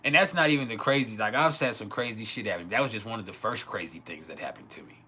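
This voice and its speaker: Bright-voiced man telling crude stories. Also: lowish voice, fast, slight background noise. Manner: crude, laughing often, acts out quoted voices. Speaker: live stream host. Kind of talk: casual storytelling. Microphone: home livestream mic.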